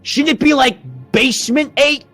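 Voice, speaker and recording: A man playing a tabletop game, joking around with quick rambling asides. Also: extremely high pitch, fairly bright tone, soft background music. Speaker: player.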